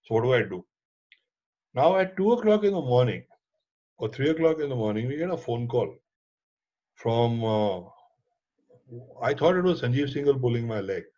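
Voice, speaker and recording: A middle-aged man with an Indian accent, a documentary filmmaker telling a lively story in conversation and mixing in Hindi words and casual swearing. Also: medium pitch, moderate pace, pauses often. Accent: Indian English. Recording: dull lo-fi audio.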